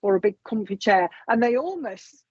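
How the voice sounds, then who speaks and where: A woman's voice: medium pitch, expressive, normal speed, a little mellow, breathy edge, no echo, dull audio. A woman with a British accent giving live psychic readings, chatting as she passes on messages and reads out viewer comments. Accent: British English. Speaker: psychic medium. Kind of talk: live online mediumship readings.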